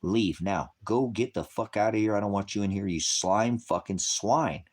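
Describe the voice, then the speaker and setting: His voice is fairly low, a little mellow and moderately paced. He hosts a ministry livestream, lecturing on scripture while furiously and profanely berating and heckling commenters in his chat, in a combative manner.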